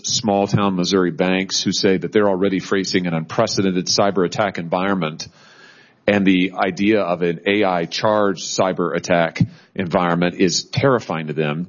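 A man chairing a formal hearing who questions witnesses in halting speech full of restarts. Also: low-pitched, dull audio.

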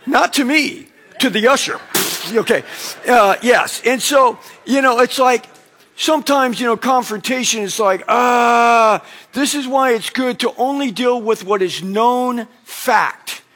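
A pastor delivers a sermon in a relaxed, conversational way, often slipping into quick acted-out exchanges. His voice sits fairly high for a man. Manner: conversational preaching with acted-out anecdotes.

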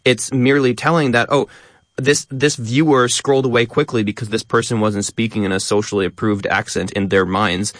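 A man talking quickly as a guest in a radio interview, stressing many of his words. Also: on the low side, steady tone, fairly bright tone, no echo, studio quality. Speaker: guest, educational content creator.

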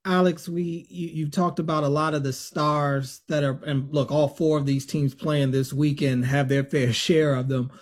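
A man co-hosting a sports show, asking questions in a casual, halting way and restarting them. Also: a little high, little pitch movement. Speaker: co-host.

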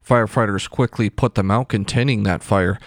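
A man's voice: lowish voice, moderate pace, dry recording. Dry-voiced male radio newsreader. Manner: steady clipped news read. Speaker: news anchor. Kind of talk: radio newscast. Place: radio studio. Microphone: studio mic.

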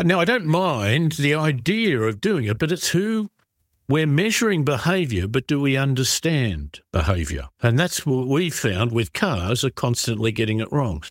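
A man's voice: medium pitch, no echo, studio quality. A man hosting a radio motoring show, chatting in an opinionated, musing way full of rhetorical questions. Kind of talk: conversational radio talk.

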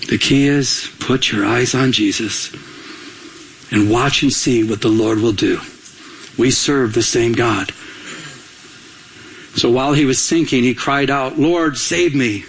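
A man's voice: medium pitch, a little slow, long pauses, slight background noise, rough recording. A man preaching as a pastor, emphatic, repeating key phrases and asking the congregation questions. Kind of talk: sermon.

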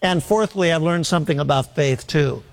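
A man's voice: fairly high pitch, moderate pace, creaky. Earnest preacher man in a reverberant hall. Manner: earnest, repeats key phrases for emphasis. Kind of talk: sermon.

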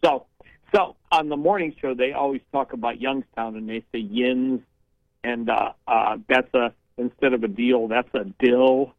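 A man's voice: medium pitch, steady tone, moderate pace, dry recording. A man calling into a radio show, chatty and blunt, telling stories. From Northeast Ohio. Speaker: caller. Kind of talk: casual call-in chat. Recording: tinny phone line.

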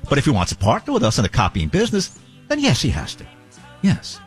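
A man's voice: mid-range voice, wildly swooping pitch, fast talker, faint music behind. A man co-hosting talk radio, teasing his partner and reading out listener texts by their numbers. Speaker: radio show co-host.

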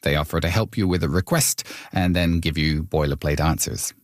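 A man's voice: very deep voice, moderate pace, dry recording, studio quality. A man hosting a podcast, narrating and chatting in a wry conversational way. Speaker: podcast host. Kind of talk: scripted narration and chat.

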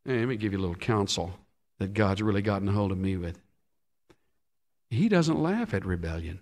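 A male pastor preaching a sermon, emphatic, rising and dropping sharply in loudness and pitch. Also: expressive, a little fast, pauses often, long reverb tail.

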